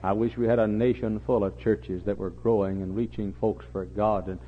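An older man preaching a sermon, repeating his phrases and building to impassioned, near-shouting peaks. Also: on the low side, fairly even intonation, normal speed. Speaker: pastor. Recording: muffled lo-fi recording.

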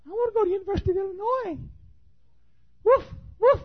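A man's voice: fairly quick, dull audio. A preacher voicing a tiny male Chihuahua that yaps and whines to be let out. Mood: pleading. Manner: squeaky high yapping, whiny pleading. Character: tiny yapping male Chihuahua pleading to be freed.

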